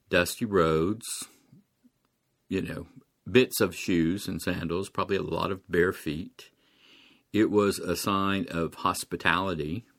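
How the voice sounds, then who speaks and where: A man with a very low voice delivers a sermon. He talks it through conversationally and reflectively, dropping in small chuckles as he goes. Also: a bit bright. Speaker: pastor.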